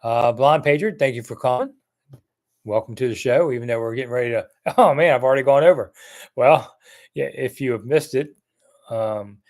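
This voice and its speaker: Male live-stream host from Washington, D.C., mid-range voice, rambling and conversational, reads and answers the chat. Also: mid-range voice. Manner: rambling, chatty, answering viewer comments one by one.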